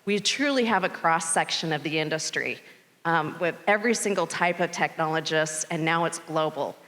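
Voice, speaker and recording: A middle-aged woman addresses a conference audience from the stage, recounting an anecdote in a chatty, animated way. Her voice sits a little low for a woman. A long reverb from the big hall trails each phrase. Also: normal speed. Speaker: board chair giving a welcome speech. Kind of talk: conference keynote remarks. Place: large conference venue stage.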